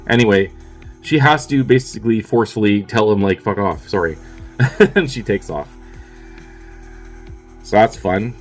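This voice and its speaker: A fairly low-voiced man talks through a film's plot in a loose, offhand way. He peppers his recap with casual swearing and shrugging fillers. Faint music sits quietly under his voice. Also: unhurried, long pauses. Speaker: movie reviewer. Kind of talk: casual spoken movie recap.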